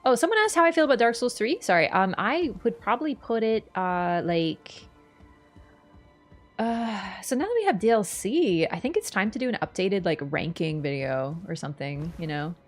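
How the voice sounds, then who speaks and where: A woman's voice: mid-range voice, very animated, normal speed, faint music behind. A young woman streaming a game, chatting casually and answering her chat in a playful way.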